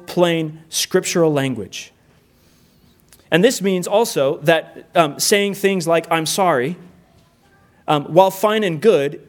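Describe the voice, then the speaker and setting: A middle-aged man delivers a sermon in an earnest, plainspoken way. His voice sits a bit higher than most men's. He presses points with rhetorical questions. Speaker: pastor.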